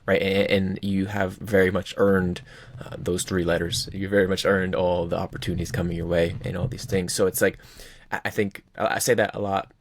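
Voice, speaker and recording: A man's voice: low voice, level tone, brisk. A man co-hosting a podcast in casual chat, talking with eager enthusiasm and laughing often. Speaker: podcast co-host.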